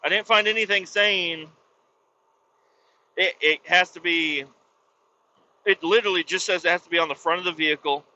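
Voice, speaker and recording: A man's voice: high-pitched, normal speed, long pauses, bright, forceful tone, dull audio. Profane, exasperated man ranting. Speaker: podcast host. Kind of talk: casual storytelling rant.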